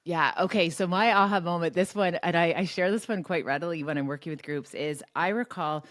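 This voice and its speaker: A woman in her forties, a guest expert telling a personal story in a podcast interview, animated with quick restarts and quoted dialogue. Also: fairly low pitch, no echo, clean studio sound.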